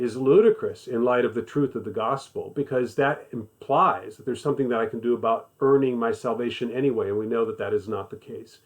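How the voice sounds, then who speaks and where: A man teaching a Bible study in a conversational voice, stressing points by repeating them. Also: medium pitch. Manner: conversational, emphatic repetition. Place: living in the American South.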